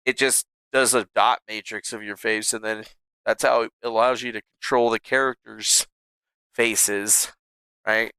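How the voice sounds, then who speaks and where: A man's voice: lowish voice, steady tone, measured pace, vocal fry, bright, forceful tone, clean tone, no room sound. Profane rambling male streamer. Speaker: livestream host. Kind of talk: casual livestream chat. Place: home streaming setup.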